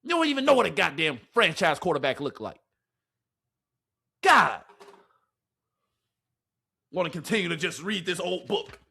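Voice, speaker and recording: A man's voice: high voice, big pitch swings, normal speed, vocal fry, long pauses, bright, forceful tone, breathy edge. A man hosting a fan sports commentary show, ranting heatedly with profanity and rhetorical questions. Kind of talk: fan reaction rant.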